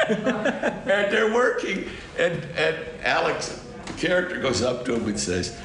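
A man telling an animated anecdote as a film director guest in a casual interview, laughing often. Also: a little high, slow pace, pauses often. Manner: animated storyteller who laughs a lot. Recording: roomy with crowd chatter.

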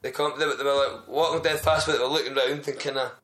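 A man's voice: medium pitch, fairly even intonation, quick pace, a bit bright. A man telling a long, rambling, sweary workplace story in casual podcast chat. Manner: sweary, rambling anecdote with frequent restarts. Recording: roomy echo.

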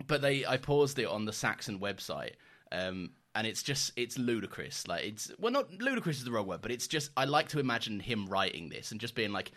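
Animated, laughing podcast co-host. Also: male voice, on the low side, a little fast, hardly any pauses. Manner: animated, swears, laughs often. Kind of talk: casual chat.

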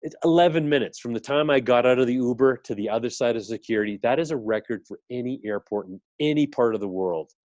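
A man's voice: mid-range voice, fast talker, hardly any pauses, no echo, lo-fi sound. A middle-aged man in casual chat, telling a story and acting out the voices of people in it. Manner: animated storyteller acting out quotes.

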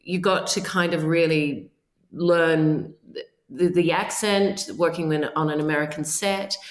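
A woman's voice: sits low, steady tone, unhurried. A woman in her forties from New Zealand, with a New Zealand accent, speaking as an actor giving earnest advice in a casual interview, often restarting her phrases. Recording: roomy echo.

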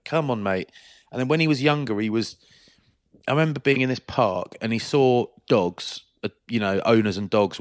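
A middle-aged man, chatting casually as a podcast co-host and telling animated stories. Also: medium pitch, no room sound, clean studio sound. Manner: chatty storyteller, animated anecdotes. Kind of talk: casual chat.

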